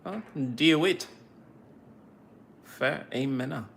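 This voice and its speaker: This streamer's voice sits on the high side, very bright, with vocal fry, and he talks extremely slowly against slight background noise. He has an English accent despite being US-born, and he casually answers his viewers while needling them with sarcasm.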